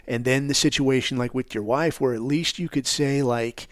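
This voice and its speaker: A man's voice: mid-range voice, a little fast, few pauses, no echo, clean studio sound. A middle-aged man from the United States, telling personal stories in a blunt, profane, rambling way. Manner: profane, blunt, rambling, says "dude" a lot. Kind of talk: casual storytelling.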